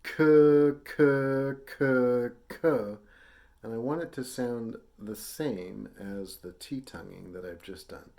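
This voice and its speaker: A man's voice: lowish voice, lively intonation, a little slow, gravelly, few pauses, mellow. A man teaching a brass lesson, speaking patiently and casually with fillers, and sounding out tonguing syllables for students to copy. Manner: patient, demonstrates syllables aloud. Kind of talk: instructional lesson.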